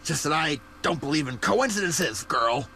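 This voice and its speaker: A man's voice: on the high side, expressive, normal speed, vocal fry, bright, forceful tone, a little hiss or hum, exaggerated voice. An actor playing a paranoid, aging male caped vigilante in a video game, who talks in conspiratorial asides.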